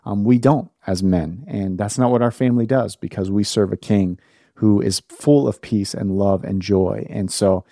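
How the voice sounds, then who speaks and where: A man's voice: lowish voice, steady tone, moderate pace, dark tone, no echo, studio quality. A man hosting a faith podcast, earnestly encouraging fathers before introducing a sermon. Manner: earnest, exhorting. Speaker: podcast host.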